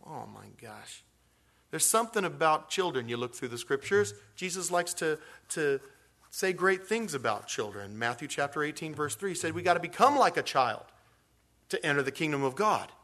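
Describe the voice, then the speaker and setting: A man preaching a sermon as pastor, talking conversationally with jokey asides and acting out little quotes. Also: normal speed. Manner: animated, acts out quotes with big pitch swings.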